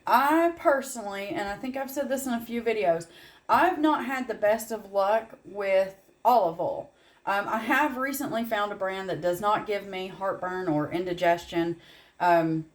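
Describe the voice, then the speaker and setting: A middle-aged Southern woman walks through a homemade recipe in an easygoing, rambling way. She drifts into asides and small laughs as she goes. Her voice sits at an ordinary, middle pitch. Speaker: home cooking channel host. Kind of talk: casual cooking demonstration.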